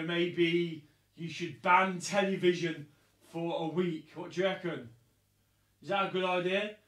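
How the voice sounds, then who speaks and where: Upbeat man calling out counts. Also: sits high. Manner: upbeat, encouraging, calls out counts loudly. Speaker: children's taekwondo instructor. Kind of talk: live online kids' fitness class. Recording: echoey room.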